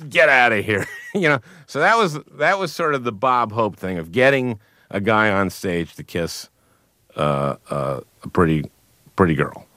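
A man, a guest comedian, telling anecdotes in a radio interview, with halting restarts and chuckles. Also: lowish voice, big pitch swings, pushed and bright, dry recording.

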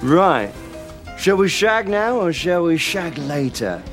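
A man's voice: fairly high pitch, very animated, takes it slowly, a bit bright, exaggerated voice. An actor playing a cheeky, leering 1960s British male spy in a film clip, with music behind. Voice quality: leering, innuendo-laden.

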